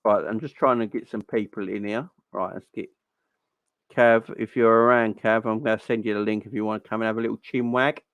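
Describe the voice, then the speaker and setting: A young man hosting a casual football fan livestream, chatty and giving shout-outs to viewers. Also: lowish voice, steady tone, brisk, clean tone, dry recording.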